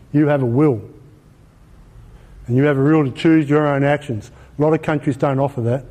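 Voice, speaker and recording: A man's voice: a little high, a little mellow. An Australian man giving an informal lecture in a colloquial, emphatic way, often asking rhetorical questions. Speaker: presenter.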